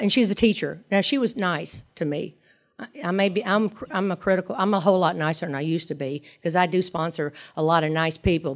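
A middle-aged woman giving a personal talk at a recovery meeting, rambling through her story with many asides and quoted dialogue. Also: fairly low pitch.

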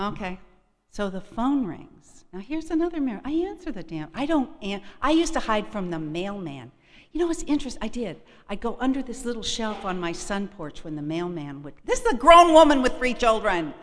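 A woman's voice: medium pitch, very animated, normal speed. Wry woman telling a story in a hall. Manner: wry, frank and confiding. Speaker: speaker sharing a recovery story. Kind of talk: storytelling to a live audience. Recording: echoey hall.

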